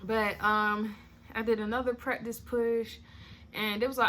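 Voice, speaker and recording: Young woman, vlogger, bright crisp voice, blunt, chatty, swears freely, faint background hiss. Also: fairly high pitch, a little slow. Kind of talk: casual story time.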